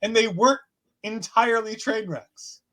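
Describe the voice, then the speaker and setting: A man's voice: high-pitched, moderate pace, a bit bright. A man co-hosting a casual wrestling chat show, joking with sarcastic mock outrage. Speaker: wrestling podcast co-host.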